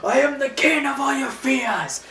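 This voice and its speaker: Man shouting as a ranting cartoon supervillain. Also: very high voice, expressive, measured pace, pitched above the performer's own voice, heavily acted. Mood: bombastic. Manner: shouting bombastic threats. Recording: roomy, distant from mic.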